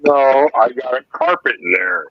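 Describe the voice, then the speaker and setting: A man talking casually on a livestream, halting with fillers as he explains his distilling. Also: mid-range voice, expressive, no echo, muffled recording. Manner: halting, many fillers and restarts.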